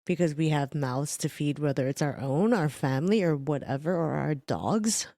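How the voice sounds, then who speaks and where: Relaxed, wry podcast co-host in their thirties. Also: mid-range voice, normal speed, no room sound. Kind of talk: casual podcast chat.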